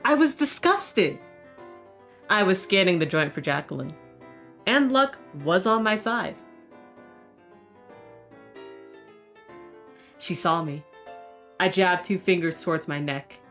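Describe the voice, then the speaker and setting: A woman's voice: lowish voice, expressive, a little slow, fairly bright tone. A woman reading the lines of a sly male con-artist narrator in a wry, self-assured storytelling manner, with faint music behind.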